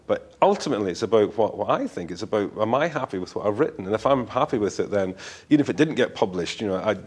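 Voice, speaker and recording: Scottish author, middle-aged, low voice, chatty and full of fillers. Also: male voice, big pitch swings, fast, darkish tone, husky. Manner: rambling, frank, many fillers and restarts. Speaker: author guest. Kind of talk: casual interview talk.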